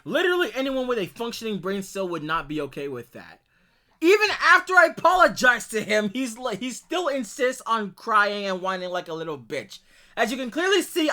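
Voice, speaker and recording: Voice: mid-range voice, bright, forceful tone. A video creator delivering a furious, profane call-out monologue over screenshots, ranting at an ex-partner.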